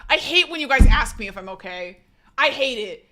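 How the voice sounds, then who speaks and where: Giggly high-voiced woman streamer. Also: expressive, normal speed. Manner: giggly, chaotic, loud outbursts. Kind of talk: casual live-stream chat.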